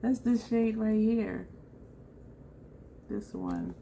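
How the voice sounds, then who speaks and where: A woman's voice: fairly high pitch, fairly even intonation, drawn-out words, creaky, warm tone, slight background noise. A woman chatting casually in a makeup vlog at home, laughing and trailing off mid-sentence. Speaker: beauty vlogger.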